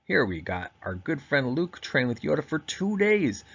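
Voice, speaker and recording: A man giving a recorded grammar lesson, explaining step by step and slowing down to stress key words. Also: medium pitch, very animated, gravelly, a bit bright, breathy edge, muffled recording. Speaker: teacher.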